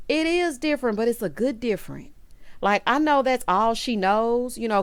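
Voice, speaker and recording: Here's a mid-range female voice with no echo, belonging to a woman in her late thirties. She chats to viewers in a sassy, talkative way while recapping a reality show.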